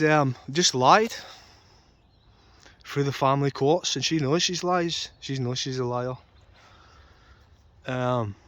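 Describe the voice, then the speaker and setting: A man's voice: mid-range voice, a bit bright. A young man ranting angrily and repetitively about a custody dispute, swearing often. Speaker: vlogger. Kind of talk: angry personal rant.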